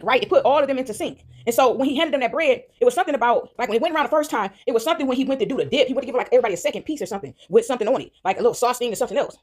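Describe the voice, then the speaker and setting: A woman giving a casual spoken reflection on Bible stories, rambling and checking in with "right?" and "y'all" all the time, and laughing often as she goes. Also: fairly high pitch. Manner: laughs often while telling. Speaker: video creator sharing faith reflections.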